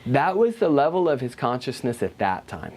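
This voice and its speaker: A man's voice: medium pitch, sing-song, normal speed, a little mellow, a little hiss or hum. A man, a health practitioner, telling a story to a small group in a conversational manner and acting out dialogue. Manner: conversational, acts out dialogue, asides to listeners.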